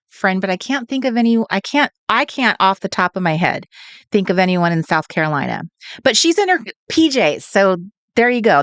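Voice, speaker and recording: A woman's voice: high voice, a bit bright, clean tone, no echo. A woman from California hosting a late-night craft livestream, chatting and greeting viewers in a giggly, sing-song way. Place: home, at night.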